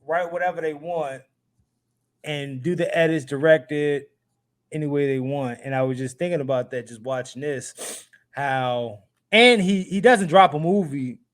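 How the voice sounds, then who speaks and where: A man's voice: fairly high pitch, unhurried. A man co-hosting a podcast over a video call, laid-back and rambling, laughing easily in casual chat. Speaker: podcast co-host.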